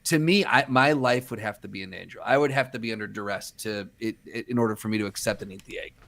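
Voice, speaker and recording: Male podcast co-host, relaxed, mid-pitched voice with a gravelly edge. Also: quick pace. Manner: laid-back, thinks aloud with fillers. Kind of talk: casual chat.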